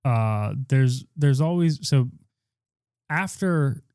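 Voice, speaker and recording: A man's voice: medium pitch, slow pace, clear, resonant tone, dry recording, studio quality. A man co-hosting a casual podcast, telling crude stories in a rambling, profane way and acting out the people he quotes. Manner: rambling, profane, animated retelling with quoted voices. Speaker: podcast co-host. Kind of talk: casual crude storytelling chat.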